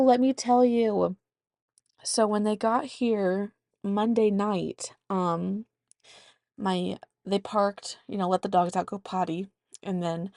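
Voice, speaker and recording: A woman in her thirties hosts a podcast, telling a family story in a chatty, rambling monologue and thinking aloud as she goes. Her voice is mid-range and darkish, captured in a dry, studio-quality recording.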